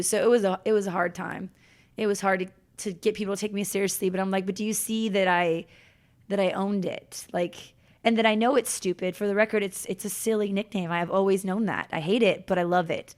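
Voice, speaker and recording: A young woman talking as a podcast guest, telling her story in a chatty, animated way. She restarts her sentences and fills them with "like," and her voice sits at a middle pitch. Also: brisk. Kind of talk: casual interview storytelling.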